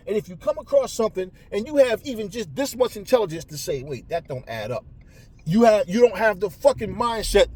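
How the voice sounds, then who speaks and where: Heated high-voiced man ranting profanely. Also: a little mellow. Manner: profane, heated and repetitive, stumbles over words. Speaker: boxing commentator. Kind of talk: ranting monologue to viewers.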